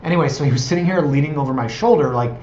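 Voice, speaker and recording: A man's voice: on the high side, very fast, darkish tone, roomy sound, muffled recording, a little hiss or hum. A man in his thirties, a real estate agent, talking casually and digressively in a vlog from his office. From Canada. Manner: chatty, digressive, self-deprecating.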